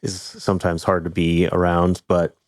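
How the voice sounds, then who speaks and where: A man hosting a podcast, talking in a reflective, measured way. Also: sits low, monotone, no room sound, studio quality. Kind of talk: casual conversation.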